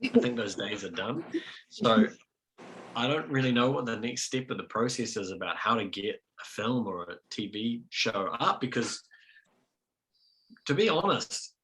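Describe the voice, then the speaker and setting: Bright-voiced New Zealand man. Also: medium pitch, lively intonation, moderate pace, rough recording. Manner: chatty, self-deprecating, many fillers. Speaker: filmmaker guest. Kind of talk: casual video-call discussion.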